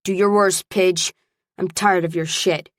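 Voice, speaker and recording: A woman's voice: fairly low pitch, steady tone, a little slow, dry recording, clean studio sound, close to an everyday voice. A woman voicing a possessive young male college fighter who growls controlled, menacing threats, in an audiobook. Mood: firm.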